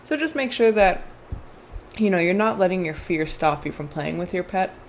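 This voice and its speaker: Young woman, tarot reader, rambling casual delivery, lowish voice, faint hiss behind. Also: expressive, normal speed. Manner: chatty, rambling, with frequent fillers and restarts. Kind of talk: casual tarot reading vlog.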